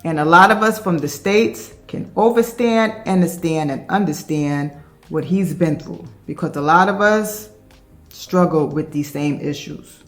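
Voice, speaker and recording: A woman host giving scripted narration in a measured, declarative storytelling manner. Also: low voice, faint music behind.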